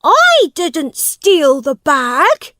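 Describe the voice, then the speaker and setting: A shrill, loud boy prince who shouts his words in a slow, dry storybook voice, put on by a woman narrator. He sounds young and demanding, with his pitch leaping about. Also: sing-song, no echo, heavily acted. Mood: upset.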